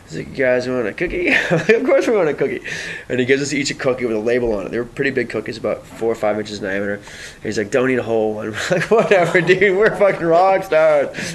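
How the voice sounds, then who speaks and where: A man's voice: medium pitch, fairly bright tone, slight background noise. A man telling a long personal story in a casual, rambling way, full of fillers and acted-out quotes.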